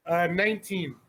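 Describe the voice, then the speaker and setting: A man playing a tabletop game, joking in a lively way, with faint background noise. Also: sits high, poor audio. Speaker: player. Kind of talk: casual tabletop play.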